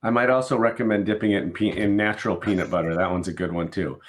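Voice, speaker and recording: A man's voice: lowish voice, steady tone, quick pace. A man hosting a video interview, asking questions in a friendly, joking way. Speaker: podcast host. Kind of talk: conversational interview. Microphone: video call.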